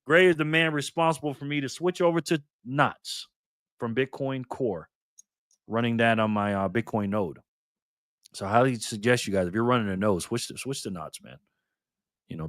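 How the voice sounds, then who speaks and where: A man's voice: on the low side, moderate pace, no echo, clean studio sound. A man hosting a casual livestream, reading viewer comments aloud in a loose, laid-back way and calling people man and brother. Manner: loose, repeats and restarts phrases. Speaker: livestream host.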